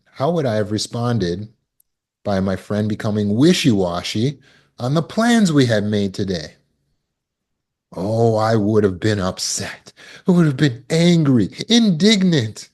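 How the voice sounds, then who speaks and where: A man's voice: moderate pace, a little mellow. Man telling stories, playing out voices. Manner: storytelling, acts out quoted voices with big pitch jumps. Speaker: trauma recovery coach. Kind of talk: casual talk to camera.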